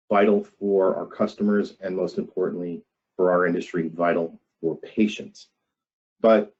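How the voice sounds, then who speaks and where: A man presenting a webinar on crisis communication, measured and emphatic, often pausing with "um". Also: low voice, mellow, breathy edge, muffled recording. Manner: measured, frequent "um" fillers, emphatic repetition.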